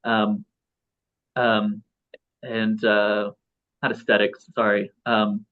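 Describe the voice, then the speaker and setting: A man's voice: fairly low pitch, level tone, takes it slowly. A man in his thirties, a philosopher guest in a casual interview, talking in a rambling way with many restarts and fillers. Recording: slightly dull lo-fi audio.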